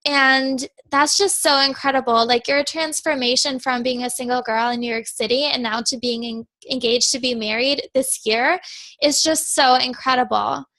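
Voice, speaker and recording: A woman with a high, bright-sounding voice hosts an interview with gushing enthusiasm. She says "like" a lot and leans into her praise, speaking over a video call. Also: steady tone, normal speed, no room sound. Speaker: interview host. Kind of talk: casual interview.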